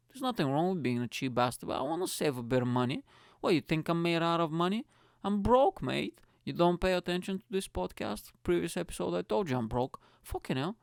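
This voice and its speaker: A man hosting his own podcast from his attic room, talking in an excitable, profane, joking monologue. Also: a little high, vocal fry, no room sound. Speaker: podcast host. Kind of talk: casual solo podcast monologue.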